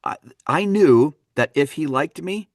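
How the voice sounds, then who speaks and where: A man from Wisconsin, a dialect coach, telling stories on a podcast in an animated, laughing way. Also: a little high, a little slow, no room sound, studio quality. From Wisconsin, USA. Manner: animated, laughing, fond of voicing characters. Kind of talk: anecdotal storytelling in a podcast interview.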